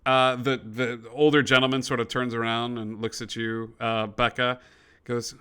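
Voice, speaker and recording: A man's voice: medium pitch, flat delivery, moderate pace, sharp tone, clear, resonant tone. A man narrating as game master of a tabletop game, in a loose way with many fillers.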